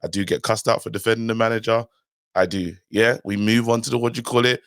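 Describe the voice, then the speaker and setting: A man's voice: fairly low pitch, fairly even intonation, fast, a bit bright, smooth, dry recording, clean studio sound. A man co-hosting a football podcast, arguing heatedly and talking over the others. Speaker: podcast co-host. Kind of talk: casual football podcast debate.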